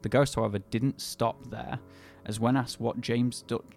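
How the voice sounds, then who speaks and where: A man's voice: mid-range voice, steady tone, moderate pace, gravelly, a little mellow, faint music behind. A man hosting a casual chat, telling a story in an easygoing, hesitant way. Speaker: podcast host telling the story.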